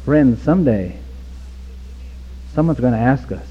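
A man preaching a sermon with passion, swinging from hushed pleading to near-shouting. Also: mid-range voice, lively intonation, a little slow, pauses often, breathy edge. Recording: dull recording with long hall reverb.

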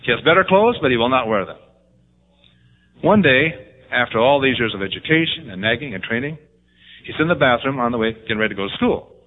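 A man preaching a sermon with animated storytelling, jumping up in pitch to act out quotes. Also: a little fast. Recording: tinny phone-like band.

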